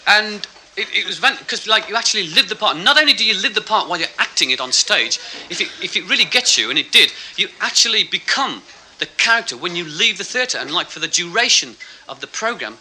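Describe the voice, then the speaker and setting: Chatty comedian, lively pitch. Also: male voice, fairly quick, a little hiss or hum, rough recording. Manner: chatty, rambling, self-mocking, laughing asides. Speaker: stand-up comedian. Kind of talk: live stand-up storytelling.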